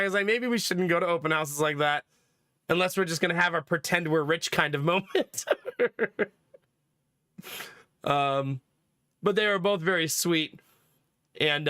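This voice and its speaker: A man who has a cold tells his stream chat a story in a casual, laughing way, often acting out quotes. His voice is a little high, sharp and smooth, at a moderate pace, in a dry, clean studio recording.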